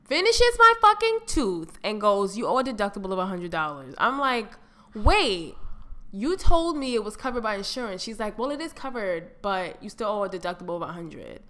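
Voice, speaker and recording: A young woman co-hosting a podcast, telling a story in casual chat with lots of profanity and sudden loud outbursts. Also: medium pitch, moderate pace. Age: young adult. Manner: animated, swings to loud outbursts and mock voices; heavy profanity, slangy. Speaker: podcast co-host.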